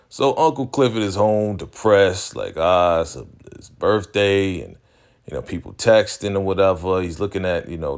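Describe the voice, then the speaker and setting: A man with a very low, deep voice talks through a TV episode recap in a loose, casual way. He tells it as an animated story and keeps checking in with fillers like "right?" and "you know.". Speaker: recap show host.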